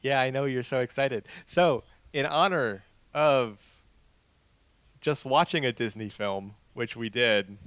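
A man's voice: medium pitch, slow, a bit bright, smooth, no echo. A man co-hosting a casual movie podcast, easygoing and thinking aloud. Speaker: podcast co-host.

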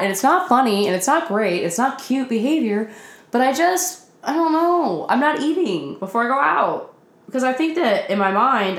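A woman's voice: mid-range voice, a bit bright, reverberant. A woman in her twenties ranting in a casual, self-deprecating vlog, swearing often and laughing at herself, sounding tired, at home in her apartment. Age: 20s. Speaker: vlogger. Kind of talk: casual confessional rant.

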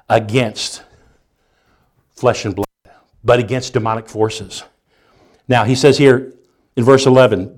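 A middle-aged male pastor preaching a sermon, acting out scenes with rising, near-shouting emphasis. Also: medium pitch.

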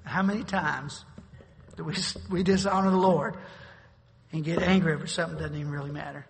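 A middle-aged male pastor preaching a sermon, moving between folksy storytelling and forceful exhortation. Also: on the high side, fairly even intonation, fairly quick, a little hiss or hum. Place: church sanctuary. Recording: long hall reverb.

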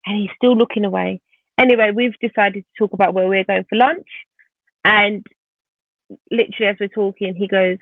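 A woman telling her own story as a podcast guest, vivid and animated. Her voice has a gravelly, fry-laden edge. The sound is tinny and phone-like, with a dry, close feel. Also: mid-range voice, moderate pace, pauses often, no room sound. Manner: vivid, animated retelling of a painful event. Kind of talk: personal storytelling in conversation.

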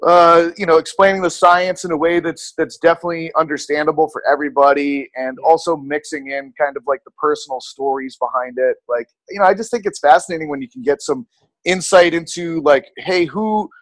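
A young man speaks as a guest in a relaxed, casual way, leaning on "like" and "you know" between thoughts. His voice is a touch high. The sound is dry and close. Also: a little fast, no room sound. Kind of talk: casual interview chat.

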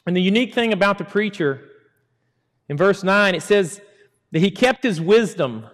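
Middle-aged man, preaching, fairly high voice, dramatic swings from loud to hushed, long hall reverb. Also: animated, moderate pace. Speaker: pastor. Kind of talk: sermon.

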